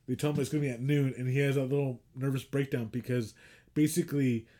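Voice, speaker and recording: A man's voice: medium pitch, flat delivery, quick pace, dark tone. A man co-hosting a movie podcast, retelling scenes in a rambling, filler-heavy casual chat. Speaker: podcast co-host.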